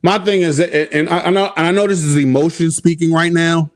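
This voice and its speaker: A male podcast host rants on a casual sports talk show, swearing heavily, exasperated and laughing at his own frustration. His voice is on the high side with fairly even intonation and a slightly fast pace, recorded clean in the studio with no room sound.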